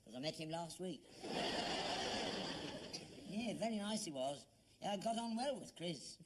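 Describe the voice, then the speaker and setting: A man's voice: sits high, expressive, a little slow, noisy background. An earnest old father. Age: older. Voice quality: earnest, put-upon. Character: gullible old father, earnest, easily led. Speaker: actor in sitcom. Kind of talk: 1970s sitcom acting.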